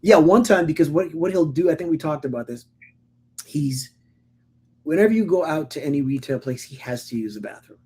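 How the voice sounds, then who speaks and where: Middle-aged man telling stories, dark voice. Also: on the high side, brisk, slightly rough. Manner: animated storytelling with acted-out quotes; stammering restarts. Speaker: podcast co-host. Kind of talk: casual conversation.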